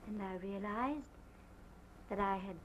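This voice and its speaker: An actress playing a distraught planter's wife who gives a halting, theatrical statement in an early sound film. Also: female voice, medium pitch, close to an everyday voice. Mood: shaken. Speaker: witness giving a statement. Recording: muffled 1929 film sound with faint hiss.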